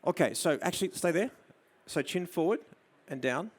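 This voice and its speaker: Australian male presenter, fairly high voice, live photo demo, drops to soft murmurs when directing the model. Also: lively intonation, normal speed. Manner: coaxing a model with soft murmured praise between explanations. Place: studio demo before an audience.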